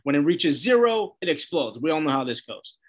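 A man's voice: a little high, big pitch swings, brisk, husky. A man hosting a casual, profanity-laced spoken recap of a TV episode, with a loose, chatty delivery and quoted lines acted out in different voices. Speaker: show host recapping a TV episode.

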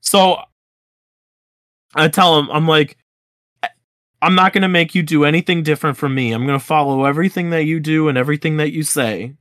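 A young man in his twenties, a podcast co-host, tells a school story in casual chat, acting out the dialogue with animated energy. His voice is a little high and a little fast, with long pauses. The studio-quality recording has no echo.

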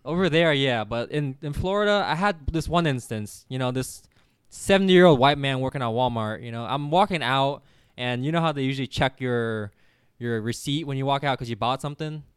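Young man guest, mid-pitched smooth voice, animated profane storyteller, dry close mic. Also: fairly quick, no room sound. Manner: animated, profane, acts out quotes. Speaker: podcast guest. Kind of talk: casual storytelling.

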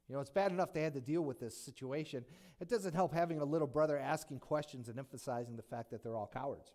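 A man's voice: mid-range voice, fast. A male pastor preaching a sermon, retelling a Bible story with jokes and many rhetorical questions. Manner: animated, joking, rhetorical questions.

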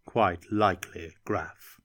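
A scheming court wizard, smug and insinuating, drawing out his words with sly deliberation, as a male storyteller puts him on. Low and unhurried, close and dry for an audiobook. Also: fairly even intonation, fairly bright tone.

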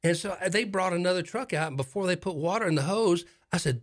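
Here the middle-aged talk show host sits high in pitch and moves at a quick pace. His dramatic story comes across casual and animated, with phrases echoed for impact.

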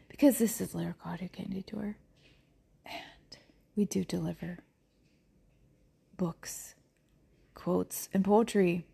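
Gravelly, chatty middle-aged woman. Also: lowish voice, mellow. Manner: chatty and rambling, laughs often, drifts into whispers. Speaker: podcast host. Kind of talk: casual chat. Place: at home.

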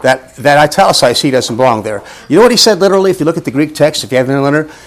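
Animated man teaching a Bible study. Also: fairly high pitch, rapid-fire. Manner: animated, emphatic, conversational teaching. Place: church.

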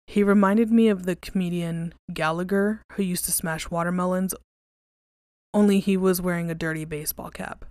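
A woman hosting a podcast, reading creepy stories aloud and then chatting casually, relaxed and conversational, with some swearing. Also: lowish voice, moderate pace, dry recording, studio quality.

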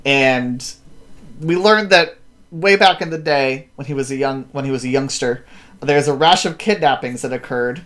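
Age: adult. Sex: man. Style: rambling casual recap, middle-pitched. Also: a bit bright. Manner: rambling, many fillers, acts out quotes. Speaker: podcast host.

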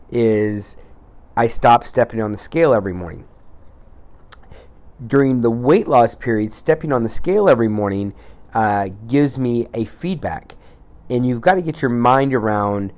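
A man's voice: medium pitch, darkish tone. A man hosting a weight-loss podcast, talking bluntly with tough love and casual swearing. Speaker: podcast host.

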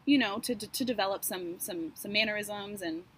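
A woman's voice: mid-range voice, moderate pace, a bit bright, breathy edge. A woman co-hosting a podcast, recounting a true-crime case in a chatty, sarcastic way with lots of asides and fillers. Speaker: podcast co-host. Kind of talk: casual true-crime storytelling.

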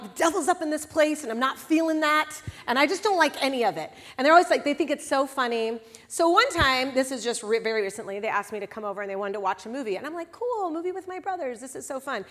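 Higher-voiced woman onstage telling funny personal stories, big echoey hall sound. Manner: animated, humorous, confessional. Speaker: guest speaker at a women's event. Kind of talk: personal storytelling talk to a live audience. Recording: long hall reverb.

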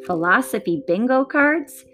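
A woman voicing a blunt older woman living alone, speaking in a flat, matter-of-fact way. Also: a little high, a little slow, faint music behind. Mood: dry. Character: blunt, dry-humored older hermit woman.

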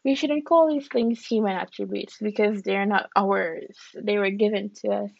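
A podcast host talks casually from home, alternating between reading aloud and musing, peppering her speech with "like" and "you know". Her medium-pitched voice is steady with vocal fry at normal speed, and the audio is dull with no room sound.

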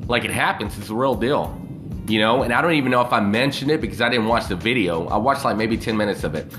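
A man's voice: lowish voice, fast talker, fairly bright tone, faint music behind. A man talking casually on a live video, rambling and swearing freely as he tells a story. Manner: profane, loose and rambling.

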